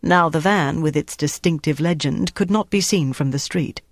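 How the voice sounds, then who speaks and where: An audiobook narrator reading a novel in a steady, even storytelling voice. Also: mid-range voice, moderate pace, no echo, clean studio sound. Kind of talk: scripted narration.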